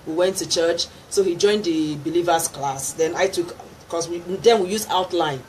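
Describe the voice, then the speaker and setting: In a radio studio, a middle-aged Nigerian woman who sings gospel recounts her testimony animatedly, laughing and performing the voices of people in her story. She speaks at a normal speed in a lowish, slightly mellow voice. The recording is poor, with faint background noise.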